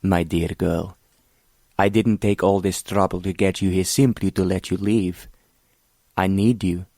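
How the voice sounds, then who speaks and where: A scheming prince, arrogant and cold, sneering at his captive in a very deep, low voice, as a man reads him. The delivery is mocking and condescending, recorded close and dry. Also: steady tone, unhurried, warm tone, no echo.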